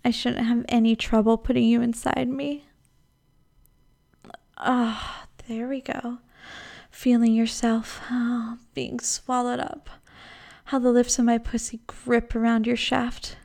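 A possessive, menacing motherly captor, played by a woman in an audio role-play. The voice sits high and coos with breathy edges. She takes her time, drawing out every word. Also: little pitch movement, takes it slowly, darkish tone. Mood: sultry.

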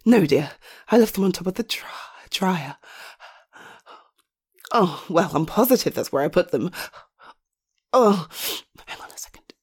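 Her voice is husky and breathy, and she pants between words like she's winded. This young woman moves from low murmurs to high-pitched exclamations, slips often into a soft whisper, and speaks unhurriedly with lively intonation and many pauses.

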